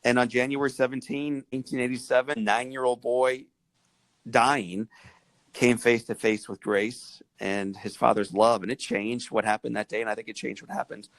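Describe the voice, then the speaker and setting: A man in his forties from Missouri, telling his life story as a podcast guest with animated, preacherly swings in pitch. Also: normal speed, dry recording. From Missouri, USA.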